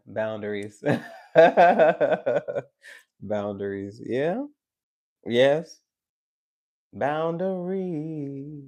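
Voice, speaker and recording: A man giving a tarot live stream, talking casually and animatedly to his chat, preachy and joking. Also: on the low side. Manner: animated, preachy and joking, with teasing asides to viewers.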